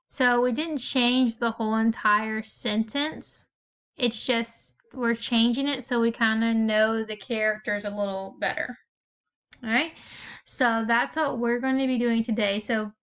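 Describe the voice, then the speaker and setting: A woman teacher walks her class through a writing lesson in a patient, step-by-step way, checking in often to make sure they follow. Her voice sits a little high. The recording is somewhat dull and lo-fi. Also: fairly bright tone.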